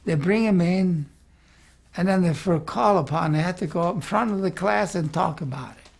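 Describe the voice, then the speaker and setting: An older man with a gravelly, husky voice recalls his teaching days in a loose, rambling way. He keeps tossing in "see" and "you know" as he talks through an archival oral history interview. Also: high voice, normal speed. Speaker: former art school president.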